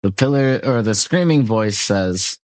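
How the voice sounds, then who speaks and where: A man's voice: fairly low pitch, lively intonation, unhurried, darkish tone, no room sound. A man narrating a tabletop game as game master, in a playful manner with laughs between lines.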